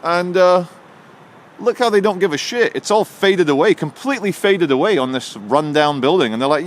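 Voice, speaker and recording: A man's voice: fairly high pitch, moderate pace. Male street vlogger, sardonic and chatty, handheld camera outdoors. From England. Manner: chatty, sardonic, mocking asides. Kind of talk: walking city vlog. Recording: outdoor street noise with traffic.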